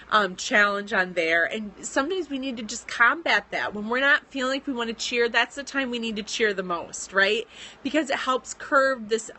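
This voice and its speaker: A woman's voice: a little high, sharp tone. A woman in her thirties hosting a casual devotional live stream for writers, speaking in an earnest, encouraging and chatty way. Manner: earnest and encouraging, chatty with fillers, gets teary. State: pregnant.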